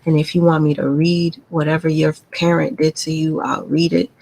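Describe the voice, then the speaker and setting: A woman's voice: low-pitched, level tone, normal speed, gravelly, a little mellow, slight background noise, low-quality recording. A woman hosting a live stream, telling a painful family story in a candid, confiding and profane way. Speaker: livestream host.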